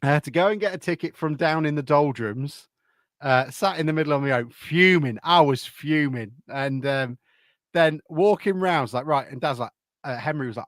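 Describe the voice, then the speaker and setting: A man co-hosting a football podcast, telling stories in a lively way and acting out the dialogue. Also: on the high side, normal speed, no echo, studio quality. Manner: lively storyteller, acts out dialogue. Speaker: podcast co-host. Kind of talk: casual football chat.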